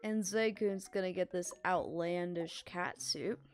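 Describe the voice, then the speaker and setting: A woman's voice: fairly low pitch, unhurried, smooth. A woman commenting on a video game as she plays, reading the characters' lines aloud and laughing often. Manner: giggly, reads character lines in playful voices. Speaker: gaming channel host. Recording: faint game music behind.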